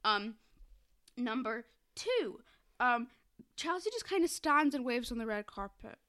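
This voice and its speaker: A young woman co-hosting a podcast, chatting casually and rambling with lots of fillers and quick laughs. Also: on the high side, sing-song, a bit bright. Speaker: podcast co-host.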